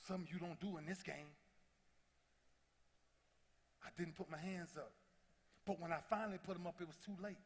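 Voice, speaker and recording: Impassioned man speaking in a large hall. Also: fairly high pitch. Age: 30s. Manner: impassioned storytelling, swinging from loud to hushed. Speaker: motivational speaker. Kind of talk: motivational speech. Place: large convention hall before a big audience. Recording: long reverb of a large hall.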